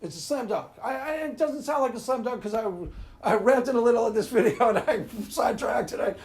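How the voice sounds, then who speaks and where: A man's voice: very high voice, brisk, darkish tone, a little hiss or hum. A man hosting his own video, ranting casually and rambling, often laughing at his own jokes. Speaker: video host.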